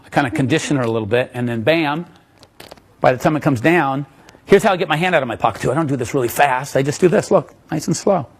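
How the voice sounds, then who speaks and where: A man's voice: fairly high pitch, fast talker, breathy edge. A man giving a live magic lecture, playful and joking with the audience as he demonstrates tricks.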